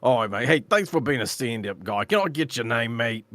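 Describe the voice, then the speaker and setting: A man's voice: medium pitch, big pitch swings, fairly quick, a bit bright, no room sound. A man playing a breezy con-man official. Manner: breezy and overly polite, keeps saying "mate". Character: smooth-talking male con artist posing as an official.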